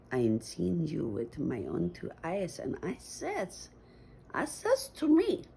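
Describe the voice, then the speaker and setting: A woman's voice: sits low, gravelly, warm tone, slight background noise, full character voice, poor audio. A woman putting on a hammy lovestruck suitor. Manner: hammy, exaggerated accent mashup. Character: theatrical lovestruck suitor, mock-Shakespearean.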